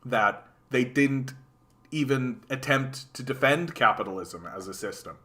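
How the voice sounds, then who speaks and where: This is a man with a Canadian accent and a mid-range voice, unhurried as he delivers laid-back, sarcastic political takes on a live stream. Animated and responsive to chat, he frequently repeats himself and restarts what he's saying.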